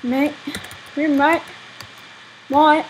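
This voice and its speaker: A woman's voice: a little high, lively intonation, unhurried, slight background noise, poor audio. A young woman giving chatty, exasperated commentary on her own gameplay, exclaiming often. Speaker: gaming channel host.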